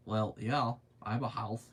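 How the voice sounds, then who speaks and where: A man's voice: mid-range voice, steady tone, slow pace, a little hiss or hum. A young man with a Southern US accent, chatting casually on a live stream, laid-back and drawling as he answers chat comments with frequent laughter. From southern United States. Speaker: livestreamer.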